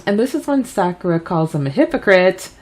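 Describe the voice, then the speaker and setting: A woman's voice: medium pitch, sing-song, a little fast, a little mellow, rough recording. A woman co-hosting a podcast, chatting casually and laughing often as she sums up a story chapter. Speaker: podcast co-host. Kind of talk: casual chat recapping a fanfiction chapter.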